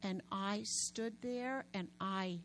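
A woman preaching conversationally, telling a story with lively, raised-voice quotes. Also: medium pitch, slow, slight background noise, poor audio.

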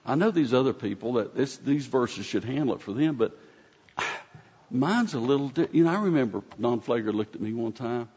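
A man's voice: mid-range voice, brisk, few pauses, darkish tone, slightly rough. A man preaching a conversational sermon in a folksy, rambling way, often restarting his sentences. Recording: dull sound with long hall reverb.

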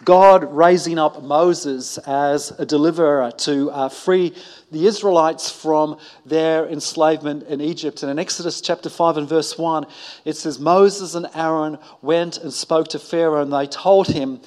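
Halting, slightly high-voiced male preacher. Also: steady tone, darkish tone. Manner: hesitant, many ums and restarts, joking asides with the congregation. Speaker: pastor. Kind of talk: sermon. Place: church service before a congregation.

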